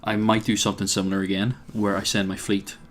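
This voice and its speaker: A man's voice: on the low side, little pitch movement, fast, fairly bright tone. A man commentating his own strategy game, thinking aloud with plenty of hesitations and wry asides. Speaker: let's play host.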